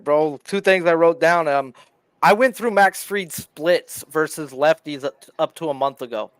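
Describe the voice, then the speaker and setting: A man's voice: sits high, a bit bright, clean tone, no room sound. A man guesting on a sports betting podcast, talking loosely and profanely with lots of slang. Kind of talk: casual betting chat.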